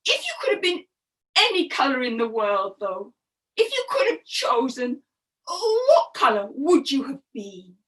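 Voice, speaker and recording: A woman doing a gentle, sorry great maker. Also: high voice, wildly swooping pitch, exaggerated voice, rough recording. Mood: tender. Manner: tender, apologetic, slow. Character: gentle, remorseful male creator spirit.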